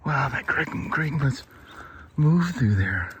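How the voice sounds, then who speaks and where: There's a slightly bright, breathy edge to this middle-aged man's mid-range voice, which is animated yet slow. Wearing a wireless clip-on mic on a rural road, he chats casually for his vlog in a folksy, rambling style with a Pacific Northwest American accent.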